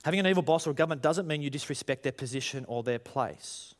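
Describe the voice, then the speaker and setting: A man's voice: mid-range voice, quick pace. A man, preaching a conversational sermon to his congregation and rising in emphasis as he tells stories. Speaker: pastor.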